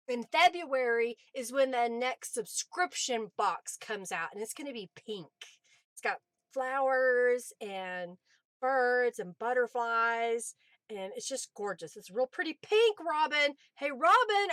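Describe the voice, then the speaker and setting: A woman's voice: high voice, fairly bright tone, no room sound. A woman hosting a crafting livestream, chatting easily and answering viewers by name between laughs. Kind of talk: casual livestream chat while crafting.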